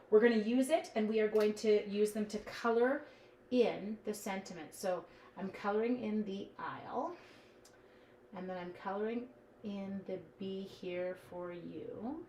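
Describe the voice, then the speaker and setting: A woman's voice: mid-range voice, darkish tone. Brief: chatty, scattered woman demoing crafts live to her viewers, in a roomy room with a faint hum. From Canada. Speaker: live-stream crafting demonstrator. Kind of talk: casual live-stream craft demo.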